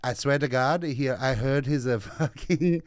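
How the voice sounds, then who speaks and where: A man's voice: mid-range voice, dry recording, clean studio sound, close to an everyday voice. A man putting on a mock Italian accent, voicing a sad middle-aged Italian man who halts and fills with uh. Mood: mournful. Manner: halting, full of uh fillers, dropped articles. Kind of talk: comedic improvised storytelling.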